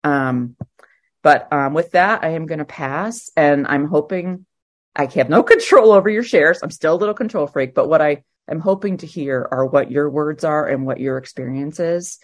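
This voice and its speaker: A middle-aged woman with a notably low voice gives a personal share at a twelve-step meeting. She speaks candidly and emotionally, pausing on fillers as she gathers her thoughts. The sound is close and dry, with no room echo.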